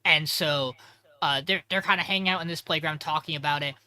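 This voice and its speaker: A man co-hosting a podcast recaps an episode in loose, rambling fashion. He swears freely and often backtracks to fix details. His voice has a bright, sharp edge. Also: fairly high pitch, a little fast, no room sound. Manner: rambling, profane, self-correcting. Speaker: podcast co-host.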